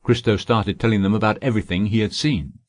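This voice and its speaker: Steady male audiobook narrator, dry sound. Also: lowish voice, fast talker, no room sound.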